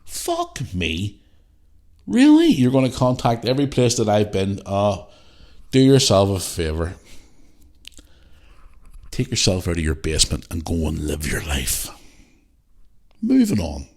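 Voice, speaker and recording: A man's voice: lowish voice, huge pitch swings, a little slow, pauses often, darkish tone. A Northern Irish man hosting a podcast, ranting bluntly and animatedly with heavy swearing. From Northern Ireland. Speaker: podcast host. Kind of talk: casual podcast rant.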